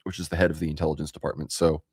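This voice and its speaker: A man with a very deep voice and hiccups gives casual political commentary on a live stream, reading out news and viewer comments. The sound is dry and close, with no room around it. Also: little pitch movement, racing, darkish tone, husky, no echo. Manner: reads out news and chat comments. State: has hiccups. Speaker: co-host.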